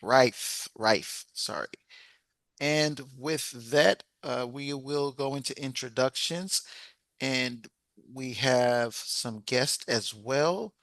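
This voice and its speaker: A man presiding over an online club meeting, friendly and halting, often restarting his sentences. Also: medium pitch, a bit bright, no room sound. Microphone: video call.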